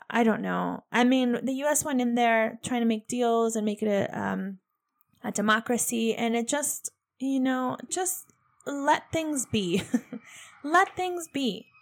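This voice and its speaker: A woman's voice: medium pitch, gravelly. A young woman co-hosting a casual chat, blunt and indignant, swearing freely. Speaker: podcast co-host.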